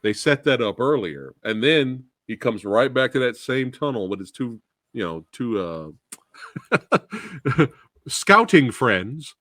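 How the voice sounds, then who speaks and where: Man, excitable film review host, lively pitch, dry close recording. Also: slow, no echo. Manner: excitable, laughing, swears casually. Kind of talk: casual film review chat.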